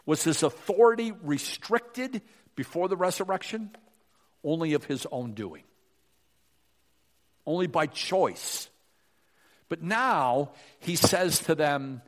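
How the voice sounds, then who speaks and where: A male pastor preaching a sermon, swinging from emphatic rises to hushed drops. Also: on the high side, very animated, unhurried, pauses often. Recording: long reverb of a large hall.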